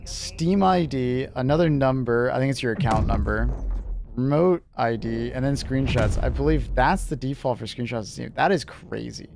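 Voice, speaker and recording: A man's voice: medium pitch, moderate pace, gravelly, noisy background. Chatty man on a gaming livestream. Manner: chatty, laughs often, talks to chat and his cat. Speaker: livestreamer reading chat. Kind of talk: casual livestream chat.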